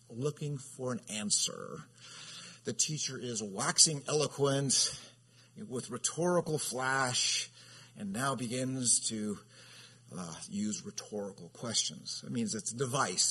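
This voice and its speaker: A man's voice: mid-range voice, a bit bright, breathy edge. A man who serves as a church elder, giving a conversational sermon that rambles, restarts and keeps asking "right?". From California. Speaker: elder teaching a Bible study.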